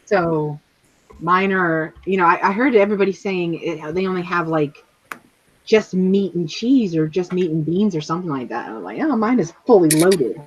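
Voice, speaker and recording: A woman chatting casually and quickly with friends, laughing as she talks. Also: lowish voice, a little hiss or hum. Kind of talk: casual chat. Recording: slightly dull, lo-fi sound.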